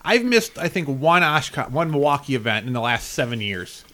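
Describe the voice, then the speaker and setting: A man's voice: medium pitch, big pitch swings, normal speed, bright, forceful tone. A man in casual chat with friends, complaining animatedly and swearing freely.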